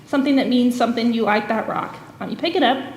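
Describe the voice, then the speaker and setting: A woman's voice: on the high side, fast talker, a little hiss or hum. Earnest woman telling stories in an echoey church. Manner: earnest storytelling with frequent "um" fillers. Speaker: camp executive director, guest speaker. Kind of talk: church message, storytelling. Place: church sanctuary. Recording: echoey church hall with long reverb.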